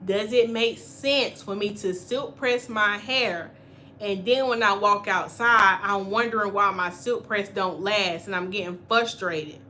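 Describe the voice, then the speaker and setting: A woman hair stylist hosting a casual spoken class on hair care, talking in an animated, chatty way and acting out the voices of people she quotes. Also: medium pitch, a little slow, a little hiss or hum. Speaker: natural hair stylist and channel host.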